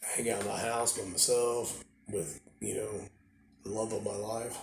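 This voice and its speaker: A toy-collecting vlogger with a cold talks into his phone camera at home, his voice stuffed up and congested. His fairly low voice has fairly even intonation at normal speed as he rambles casually, repeats himself, and trails off, in an echoey room with faint noise.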